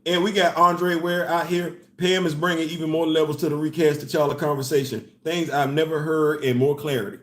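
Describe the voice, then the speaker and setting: An animated man with hosts a casual commentary, his voice sitting a little high for a man. He keeps circling back to the same phrases and breaks into laughs. The sound rings in a roomy, echoey space. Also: fairly quick, hardly any pauses. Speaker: host. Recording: echoey room.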